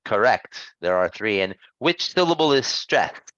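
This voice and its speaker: A man teaching English pronunciation in an online lesson, patient and encouraging, gently correcting his students. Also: on the low side, big pitch swings, a little slow, no room sound, highs cut off.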